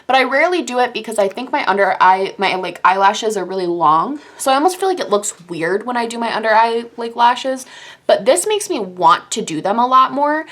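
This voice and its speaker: A young woman casually reviewing the makeup she loves, gushing in quick, animated bursts of enthusiasm. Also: a little high. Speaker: beauty YouTuber.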